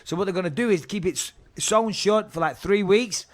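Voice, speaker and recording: A man guesting on a podcast, telling a comic story in an animated way, swearing freely and acting out quotes. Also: sits high, fairly quick.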